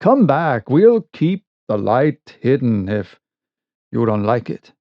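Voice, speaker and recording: A man voicing a blunt, steady sailor on night watch, speaking low and gruff. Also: slow, dry recording. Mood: wary. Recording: dull lo-fi recording.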